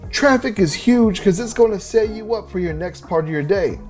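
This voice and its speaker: A man preaching a sermon, telling animated stories with self-deprecating humor. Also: sits high, moderate pace, faint music behind. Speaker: pastor.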